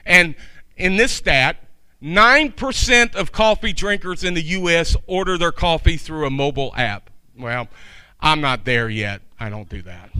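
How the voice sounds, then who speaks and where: A man's voice: sits high, bright, forceful tone, smooth, no echo. A man preaching a sermon in a folksy, chatty way, with asides to his congregation.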